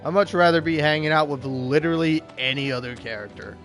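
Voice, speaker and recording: High-voiced young man rambling about shows. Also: a little fast, fairly bright tone, soft background music. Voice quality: rambling, full of "like" and restarts. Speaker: gaming video host. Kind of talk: rambling comedic gaming commentary.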